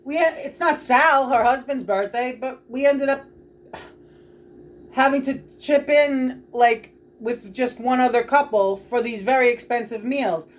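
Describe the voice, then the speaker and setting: A woman's voice: sits high, unhurried. A woman vlogging casually at home, launching into heated, profane rants. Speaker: self-described channeler and vlogger. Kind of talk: casual spoken vlog.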